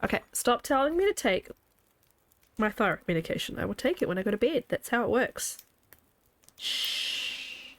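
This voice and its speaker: A woman's voice: fairly high pitch, very animated, normal speed, pauses often, a bit bright, dry recording. A woman game streamer chatting casually with her viewers as she plays, playful and laughing often. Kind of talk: casual chat while playing a video game.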